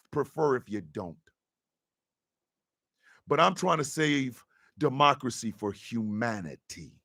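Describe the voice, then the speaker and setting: A high-pitched man with a gravelly edge to his voice hosts a radio show, recorded close and dry. He delivers a profane, impassioned rant, dropping to a low, intense murmur and then breaking into shouts. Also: no echo.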